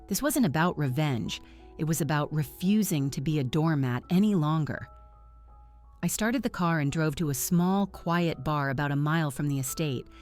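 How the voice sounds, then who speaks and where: A woman in her thirties narrates a first-person story in a cool, measured manner. Her voice sits low. Faint music plays behind the reading. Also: a little mellow. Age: 30s.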